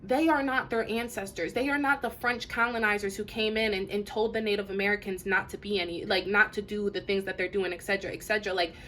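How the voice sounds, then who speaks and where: A woman's voice: medium pitch, fairly even intonation, fast talker, hardly any pauses, bright, forceful tone, a little hiss or hum. A woman doing a casual tarot reading to camera, talking earnestly with many restarts and fillers. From Detroit area.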